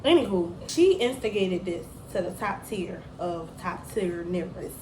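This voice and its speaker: A woman's voice: fairly low pitch, lively intonation, measured pace, reverberant, noisy background. A middle-aged woman telling a story from her school days in a casual chat, slangy and laughing often. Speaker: mother telling a story on a daughter's channel.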